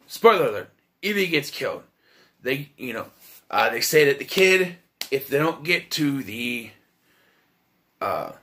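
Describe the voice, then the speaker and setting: Bright-voiced man giving a blunt review. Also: medium pitch. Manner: blunt and profane, with frequent restarts. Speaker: film reviewer. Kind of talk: casual spoken film review.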